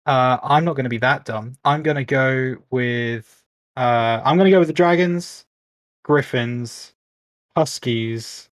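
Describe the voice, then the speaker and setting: A man's voice: medium pitch, slow pace, no echo. A man from the UK with a British accent, hosting and casting a casual esports league stream in an upbeat, chatty, self-mocking way. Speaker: league host and caster.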